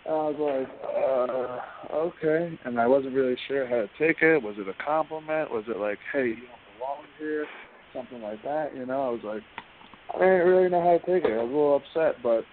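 A man's voice: medium pitch, fast. A man being interviewed as a guest, telling stories in a loose, rambling way full of "you know" and "like". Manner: rambling, filler-heavy, constant "you know" and "like". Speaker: guest wrestler. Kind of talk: casual interview storytelling. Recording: phone line with faint hiss.

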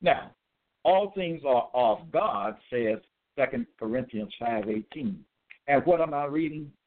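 A man delivers a religious monologue at a middling pitch, reading scripture aloud and hammering home each point. He repeats himself emphatically and slows down on the words he stresses. The sound is thin and tinny, as if over a phone line. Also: a little hiss or hum.

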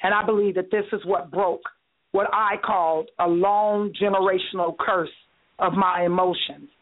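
A woman's voice: fairly low pitch, steady tone. A woman hosting a call-in radio talk show, speaking earnestly and readily agreeing with the others. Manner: earnest, quick to affirm others. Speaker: radio host. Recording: tinny phone-like radio line.

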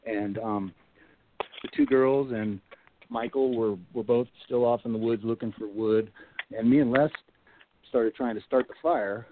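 A man's voice: mid-range voice, noisy background. A middle-aged man telling a long personal story in a casual, rambling way, full of "you know" and "like", as a guest on a radio show. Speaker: Bigfoot researcher guest. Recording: tinny phone line.

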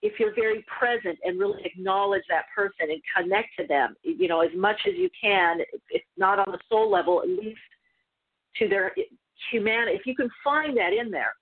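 A woman's voice: medium pitch, very animated, normal speed. A woman spiritual teacher telling a story in a casual, rambling way, full of asides and restarts. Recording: tinny phone-like line.

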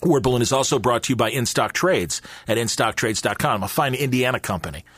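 A man in his fifties hosts a podcast from a studio, talking in a loose, conversational way. He tells stories with animated turns, at a middle pitch, and the sound is dry and close. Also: fairly quick, dry recording. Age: 50s. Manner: animated storytelling with quoted voices. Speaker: podcast host. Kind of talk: casual chat. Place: recording studio.

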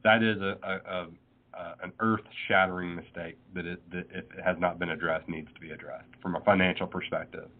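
A man's voice: deep voice, fairly even intonation, fairly quick. A man, an accountant guest giving plain-spoken financial advice over a phone call. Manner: plain-spoken, laughs easily. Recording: tinny phone line.

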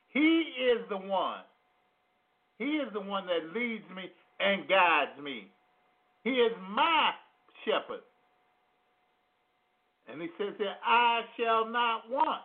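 A man gives a slow sermon-style teaching in a high, lively voice that climbs and falls. He repeats key phrases and quizzes his listeners in casual vernacular grammar. The audio is thin and tinny, like a phone call. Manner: drawn-out, repeats phrases for emphasis, asks listeners questions. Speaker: radio preacher. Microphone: phone call-in to internet radio.

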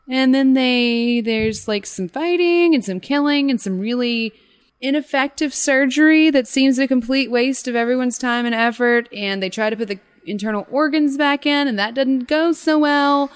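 A woman's voice: high voice, normal speed, clear, resonant tone. A woman co-hosting a podcast who retells a horror story in a casual way, with lots of "like" fillers. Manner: animated retelling with many "like" fillers. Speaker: podcast co-host.

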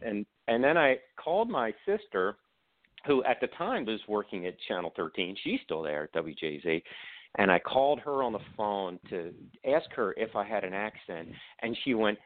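Speaking at a moderate pace in a fairly low voice, a Baltimore-accented man from Maryland's Baltimore area appears as a guest, an author and production company CEO. He shares animated stories in a casual interview, voicing the people he quotes, with frequent restarts, over tinny phone-like audio.

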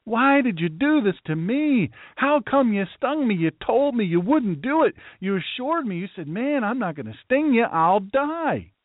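A man's voice: extremely high pitch, sing-song, measured pace, few pauses, no room sound, pitched above the performer's own voice, heavily acted. A man doing a desperate whining frog. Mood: pleading. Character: pleading desperate male frog in a fable. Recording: tinny phone-like line, dry.

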